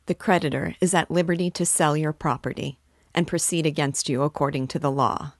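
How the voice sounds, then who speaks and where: A hurried male clerk rattles off the rules in a matter-of-fact way, voiced by a woman reading aloud. Her voice sits low. The sound is dry and close. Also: fairly even intonation, no room sound. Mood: businesslike. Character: brisk male office clerk, businesslike.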